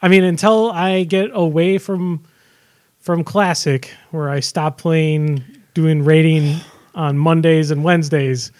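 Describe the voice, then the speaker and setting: A man's voice: on the high side, steady tone, slow, darkish tone. A man co-hosting a podcast in casual chat, joking and complaining. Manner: joking, complaining, sings along. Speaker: podcast co-host.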